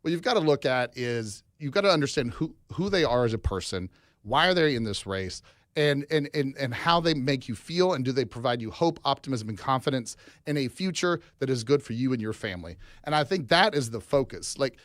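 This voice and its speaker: A man's voice: medium pitch, animated, fairly bright tone, no room sound, studio quality. A middle-aged man from Arkansas, a political strategist guest, giving loose interview answers full of fillers. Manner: fast, loose, filler-heavy talk.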